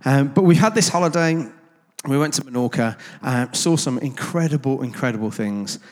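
A man's voice: medium pitch, normal speed, a little mellow. A man tells anecdotes to a gathered audience in a loose, conversational way, full of ums and self-deprecating asides. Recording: long reverb of a large hall.

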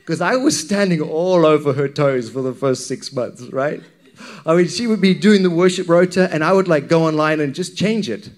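A man's voice: fairly high pitch, animated, moderate pace. A man preaching a sermon to his congregation, talking in a candid, conversational way and often checking in with the listeners. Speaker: pastor.

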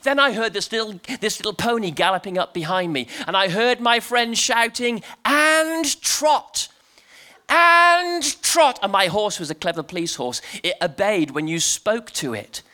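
A man preaching to a crowd in an animated, playful storytelling style, leading the crowd in shouting. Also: high voice, normal speed, hardly any pauses. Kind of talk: lively storytelling sermon to a crowd.

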